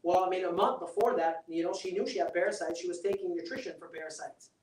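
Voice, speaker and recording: A man with a high-pitched, slightly mellow voice speaks at a quick pace while giving a live health seminar and demonstration. He's chatty and persuasive, often checking in with the audience, and the seminar room sounds roomy through a distant mic.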